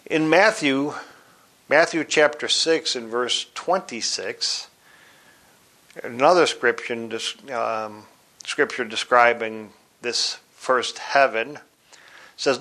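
A man teaching from the Bible in a deliberate, explanatory way, spelling out words letter by letter. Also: medium pitch, sharp tone.

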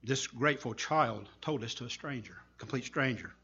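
A man preacher giving a sermon, telling a story with earnest, slow, emphatic pauses. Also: medium pitch, bright, forceful tone, husky, dull audio.

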